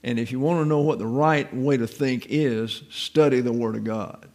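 A man teaches the Bible in a relaxed, folksy way, mixing in wry stories from his own life. His voice is gravelly and sits at an ordinary mid pitch. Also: moderate pace. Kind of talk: informal Bible teaching with personal anecdotes.

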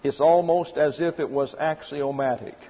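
At a moderate pace and with fairly even intonation, a man with a somewhat high voice preaches a sermon. His Bible teaching is systematic and point-by-point, broken into numbered subpoints and driven by emphatic rhetorical questions. The audio sounds muffled, with a long hall reverb.

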